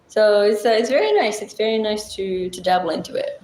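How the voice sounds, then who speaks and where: A woman with a mid-range, somewhat dark voice hosts a casual livestream, chatting with viewers at a moderate pace and lively intonation. She rambles through simple language explanations full of fillers, recorded in an echoey room with a little hiss or hum.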